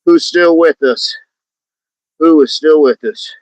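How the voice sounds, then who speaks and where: A man's voice: on the high side, slow, dry recording, low-quality recording. A man hosting a live outdoor workout on a hill, exercising as he talks, counting down reps and greeting chat viewers by name. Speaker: fitness livestream host.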